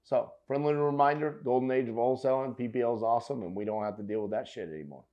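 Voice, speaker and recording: A man hosting a reaction video, talking loudly and emphatically, with casual swearing. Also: mid-range voice, fast, highs cut off. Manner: loud, emphatic and profane. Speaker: host reacting to clips.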